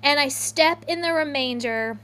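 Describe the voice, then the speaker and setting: A woman in her thirties telling a rambling, animated story in casual chat, full of "like"s. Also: high voice, normal speed.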